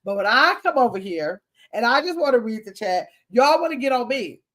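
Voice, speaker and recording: Very animated and fairly quick, an older woman with a slightly high, somewhat bright voice reads live comments on her stream. She's chatty and playful throughout the casual session.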